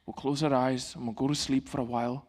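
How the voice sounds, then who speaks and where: A middle-aged male pastor giving a sermon in a church, in a calm, gentle, conversational way. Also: medium pitch, fast talker.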